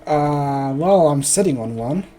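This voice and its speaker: A man's voice: fairly high pitch, animated, measured pace, mellow. A man streaming a video game, joking and thinking aloud as he plays. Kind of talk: casual let's play commentary.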